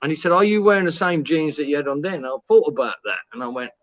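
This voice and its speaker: A co-host with a fairly high, lively male voice talks fast as he tells a story in casual conversation, cursing, laughing, and acting out what people said. The sound is dry with no echo, though the upper frequencies are cut off.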